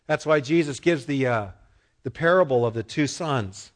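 A man's voice: medium pitch, normal speed. A middle-aged man preaching a sermon, emphatic, repeating phrases and acting out the voices he quotes. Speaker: pastor.

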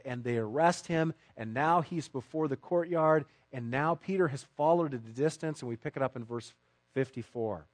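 A male pastor preaching a sermon in church, acting out the voices of the story with dramatic swings from loud to hushed. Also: medium pitch. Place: church sanctuary.

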